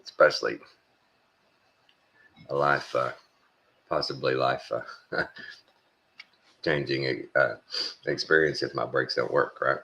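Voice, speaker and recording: A man's voice: a bass voice, steady tone, sharp tone. A middle-aged man from Texas, telling a rambling, blunt story in a casual rant. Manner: rambling, blunt, halting with fillers. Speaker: vlogger.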